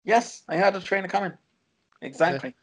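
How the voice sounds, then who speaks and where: A chatty man recapping a TV show episode, with a voice pitched a bit above average. He rambles between plot points and often breaks into giggles. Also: lively intonation, brisk, rough recording.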